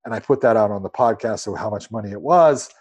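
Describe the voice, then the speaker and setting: A man co-hosting a podcast, telling a long story in a relaxed, rambling way with some swearing. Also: lowish voice, fast, husky, muffled recording. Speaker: podcast co-host. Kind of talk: casual storytelling.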